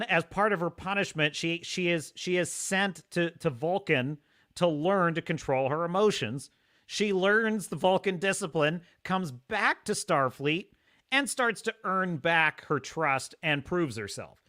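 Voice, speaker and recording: Guy hosting a live show, reads chat and rants, laughs a lot, bright edgy voice, a bit high. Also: measured pace. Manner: animated, ranting, laughs often, mocks pronunciations. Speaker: host. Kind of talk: casual live-stream chat, reading viewer comments.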